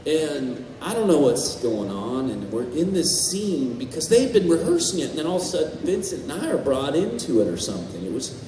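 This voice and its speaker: A man on a convention panel telling animated stories, swearing and laughing as he goes. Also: a little high, a little fast, noisy background. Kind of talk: storytelling on a panel. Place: large convention hall. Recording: echoey hall, far from mic, faint ambience.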